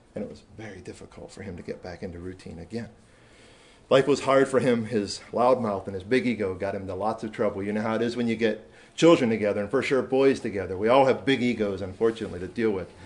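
A man telling a story to a room of teachers, animated and shifting between loud emphasis and quiet asides. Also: lowish voice. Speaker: speaker addressing teachers. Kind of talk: storytelling talk to an audience.

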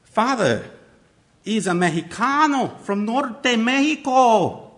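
A man's voice: very high voice, animated, slow, a bit bright, voice pushed up, heavily acted. A man voicing a spirited young girl with a put-on British Isles brogue, in lilting storybook dialogue. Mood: cheeky. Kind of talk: storybook read-aloud demonstration.

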